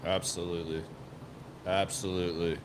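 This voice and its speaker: A man's voice: sits low, flat delivery, normal speed, slight background noise. A man hosting a podcast, giving brief affirmations and asking his guest questions. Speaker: podcast host. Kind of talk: casual interview.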